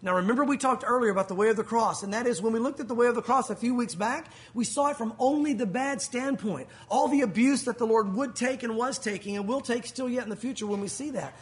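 Male pastor, unusually high pitch, animated storyteller. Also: quick pace, few pauses. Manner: animated storytelling, acting out crowd shouts. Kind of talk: sermon.

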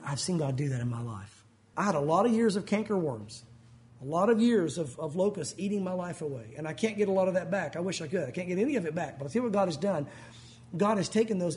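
A man with a high voice preaches a sermon. He talks in a relaxed, conversational way, with frequent asides to the listeners and the odd chuckle. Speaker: pastor.

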